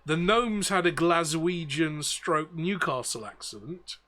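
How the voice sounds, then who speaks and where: A man's voice: fairly high pitch, slow pace, bright, forceful tone. A man talking as game master, chatting casually out of game and explaining things in a rambling way.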